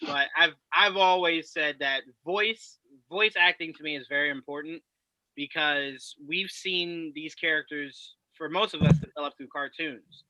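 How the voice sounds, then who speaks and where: A man's voice: on the high side, measured pace, bright, forceful tone, no room sound, rough recording. A man on a podcast panel in casual chat, opinionated and emphatic.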